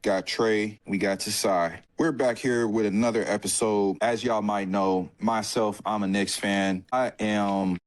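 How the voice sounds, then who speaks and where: A man's voice: lowish voice, unhurried, few pauses, low-quality recording. A man hosting a casual sports podcast, talking loosely with slang and restarts. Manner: relaxed, loose slang-heavy talk with restarts. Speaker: podcast host.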